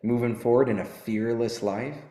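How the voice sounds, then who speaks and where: A man giving a casual, animated motivational talk to an audience, swearing and joking as he tells a fable. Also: medium pitch, normal speed. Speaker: motivational teacher. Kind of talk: live motivational talk with storytelling. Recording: echoey hall.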